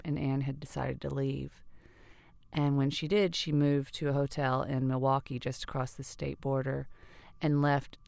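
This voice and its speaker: A middle-aged woman telling a personal story in a conversational, earnest way, sometimes hushed. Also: deep voice, creaky, smooth, no echo, studio quality.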